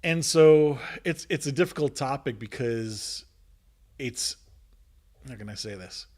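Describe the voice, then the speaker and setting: A man's voice: medium pitch, animated, a little slow, darkish tone. A man co-hosting a casual podcast chat, thoughtful and hesitant, often searching for his words. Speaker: co-host.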